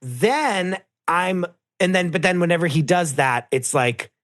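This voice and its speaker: A man talks in a relaxed podcast conversation. He retells scenes by performing quotes in jumpy, shifting voices, sometimes much higher. The sound is close and dry. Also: fairly quick, no echo. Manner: animated storyteller, acts out quotes in shifting voices. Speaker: reality TV producer, guest co-host. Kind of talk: casual podcast chat.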